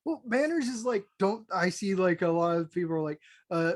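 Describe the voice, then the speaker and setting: A man's voice: sits high, normal speed, few pauses. An American man co-hosting a podcast, talking bluntly and swearing freely, with frequent laughs. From United States. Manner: blunt and profane, laughs often. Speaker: podcast co-host. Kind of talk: casual chat.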